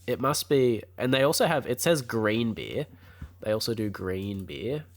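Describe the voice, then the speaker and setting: A man, co-hosting a podcast in relaxed, jokey casual chat. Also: medium pitch, unhurried. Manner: relaxed and jokey, with fillers and trailing off. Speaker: podcast co-host.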